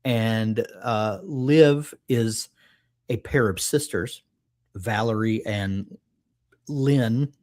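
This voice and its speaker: A man's voice: on the low side, a little mellow. Thoughtful rambling man co-host. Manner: thoughtful and rambling, with many pauses and restarts. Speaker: podcast co-host. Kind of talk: casual book chat.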